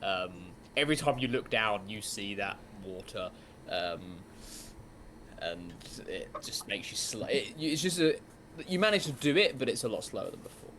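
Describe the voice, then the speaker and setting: A man's voice: lowish voice, big pitch swings, normal speed, fairly bright tone, slight background noise. A man narrating as game master, hesitant and full of ums.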